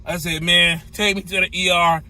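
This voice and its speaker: A man, an owner-operator truck driver, telling a story in a casual vlog with animated, repetitive exclamations. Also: high-pitched, normal speed.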